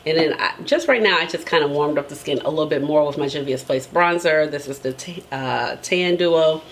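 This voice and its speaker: A beauty vlogger with a deep voice talks a little fast to her viewers, casual and emphatic, over slight background noise. She laughs often between remarks and tags her points with "okay?" in a chatty, relaxed way.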